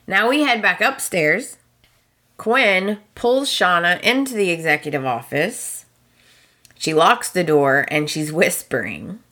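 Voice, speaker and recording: A woman's voice: on the low side, sharp tone. A woman podcast host casually recapping a soap opera episode, chatty and storytelling, acting out bits of dialogue with little chuckles.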